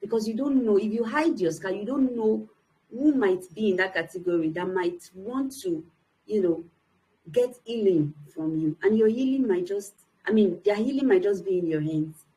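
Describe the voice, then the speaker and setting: Young woman speaker, mid-pitch voice, emphatic testimony to a youth audience. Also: expressive, moderate pace, warm tone, low-quality recording. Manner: earnest, emphatic storytelling. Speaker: motivational speaker. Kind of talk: personal testimony talk.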